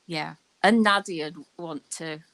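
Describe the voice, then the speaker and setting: Playful slow-talking woman. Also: low voice, a bit bright, no echo. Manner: playful joker, drawn-out delivery. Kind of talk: casual chat.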